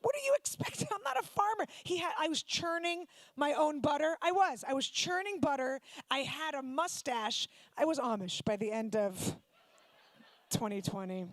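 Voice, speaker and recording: At a comedy night, a Ukrainian stand-up comedian with a high voice teases the live crowd through quick banter. There's no room sound on the recording.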